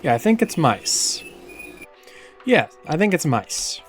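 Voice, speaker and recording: A man's voice: fairly high pitch, sing-song, takes it slowly. Man gaming, thinking aloud, self-deprecating, casual, faint music behind. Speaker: gamer playing a game. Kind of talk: casual gameplay commentary.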